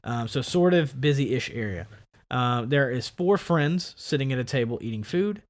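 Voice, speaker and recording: A man co-hosting a podcast, telling a story in casual chat and acting out the people in it. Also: normal speed. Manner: animated, acts out quoted people with big pitch jumps. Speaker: podcast co-host.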